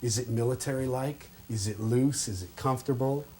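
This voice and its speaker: A man running a live workshop on interview skills, speaking in an ordinary mid-range voice. He is animated and folksy, acts out little scenes for his listeners and checks with them after nearly every point. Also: medium pitch, brisk, slight background noise. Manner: lively and interactive, checks in with "okay?" constantly. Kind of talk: live workshop talk with role-play demonstrations.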